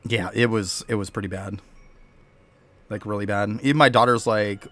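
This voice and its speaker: A man's voice: fairly low pitch, fairly even intonation, moderate pace, long pauses, a bit bright. A man from New York State ranting bluntly and profanely while chatting live with his stream viewers. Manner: blunt, profane, rambling rants.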